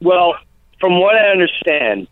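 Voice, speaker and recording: Brief: comedian guest, man, higher-pitched talk, rambling, tinny phone-line sound, dry. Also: clean tone, no room sound. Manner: rambling, lively, slips into quick impressions of people. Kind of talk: casual interview chat.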